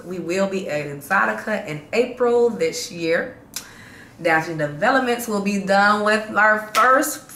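A woman's voice: on the low side, fairly bright tone. A woman from Chicago talking casually to her viewers in a slangy, chatty vlog update that gets hyped up. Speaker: vlogger. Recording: roomy echo, faint background hum.

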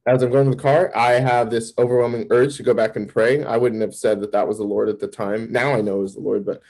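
Guy campus minister sharing his testimony, dark relaxed tone, pitch jumps way up when he acts things out. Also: quick pace, poor audio. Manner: candid, vivid storytelling with sudden pitch jumps. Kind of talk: personal testimony in an interview.

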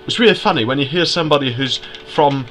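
A man's voice: mid-range voice, fast, fairly bright tone. A man with a Hull accent giving crude, rambling, profane gameplay commentary, often laughing. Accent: Hull, Yorkshire. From Hull, England. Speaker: let's play host. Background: game music.

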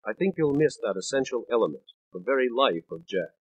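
A man's voice: medium pitch, big pitch swings, brisk, husky, no echo, rough recording. A man in his thirties giving a scripted spoken lecture on music for a 1950s studio record, explaining patiently and counting out beats in rhythm. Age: 30s.

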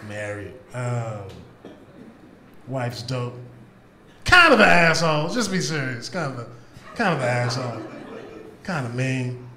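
A man doing a loud, animated stand-up comedy set in a club, with profanity and crowd work. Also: medium pitch, measured pace, pauses often, background noise. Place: comedy club stage before a live audience. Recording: echoey club with audience laughter.

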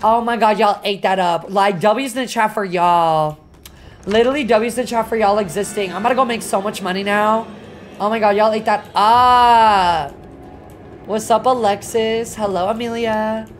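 A woman streaming a video game, talking to her chat in an expressive, dramatic way and swearing freely. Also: medium pitch, a little fast, slight background noise. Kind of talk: casual gaming livestream chat. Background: faint game music.

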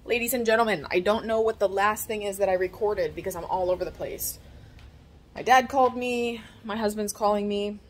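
A woman chatting straight to her phone camera at home, excitable and a little out of breath, in a casual vlog. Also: medium pitch, a little fast, slight background noise. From Florida, USA. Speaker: vlogger and small business owner. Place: at home, indoors.

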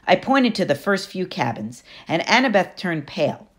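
A woman with a low-set voice narrates a first-person audiobook. Her delivery is wry and story-driven, with plenty of melodic movement in her pitch. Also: very animated, moderate pace, hardly any pauses.

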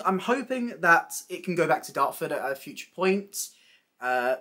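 A young woman hosting a casual theatre news recap, chatty and enthusiastic with frequent laughs. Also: low-pitched.

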